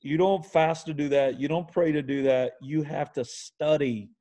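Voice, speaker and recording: A man hosting an interview, thoughtful and measured, often restating his points. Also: fairly high pitch, steady tone, mellow. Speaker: interview host. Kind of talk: casual interview conversation.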